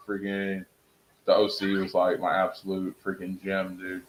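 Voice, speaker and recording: A young man streaming from home, chatting casually with his viewers in an excitable, rambling way and laughing at himself. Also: low-pitched, normal speed, echoey room, slight background noise, rough recording. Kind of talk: casual live-stream chat.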